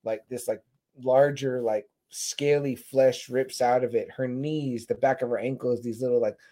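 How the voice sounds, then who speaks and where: A man's voice: medium pitch, normal speed. A man in his forties in casual chat, retelling a horror film with lots of swearing and fillers. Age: 40s. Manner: profane, animated storyteller with many fillers. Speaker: podcast co-host.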